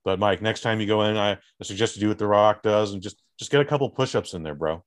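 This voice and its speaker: A man's voice: fairly low pitch, quick pace. A man co-hosting a podcast in casual chat, joking and laid-back, calling people bro and dude. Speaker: podcast co-host.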